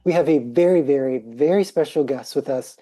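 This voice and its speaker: A woman's voice: a bass voice, brisk, warm tone. A woman co-hosting a podcast, enthusiastically welcoming and introducing a guest. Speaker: podcast co-host. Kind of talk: casual chat, reading a guest bio.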